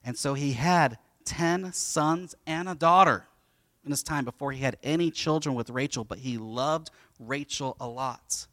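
A man's voice: mid-range voice, measured pace, fairly bright tone, dry recording, clean studio sound. A man in his forties, a pastor giving a sermon in a casual storytelling way, acting out the voices.

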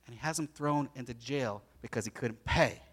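A man preaching a sermon as pastor, animated and acting out the story as he goes. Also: mid-range voice, normal speed, husky. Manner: animated, acts out the story in voices.

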